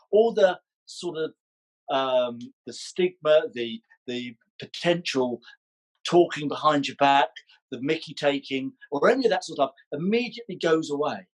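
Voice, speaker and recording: Chatty man, husky voice. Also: a little high, moderate pace, low-quality recording. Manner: chatty, animated storyteller, playful. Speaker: podcast guest, ballroom dancer. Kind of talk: casual chat.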